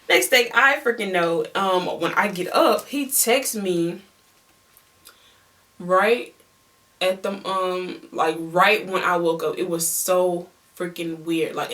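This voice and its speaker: A woman telling a storytime vlog in an animated, chatty way, laughing often. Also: on the low side, slow pace, long pauses, recorded from a distance. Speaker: vlogger.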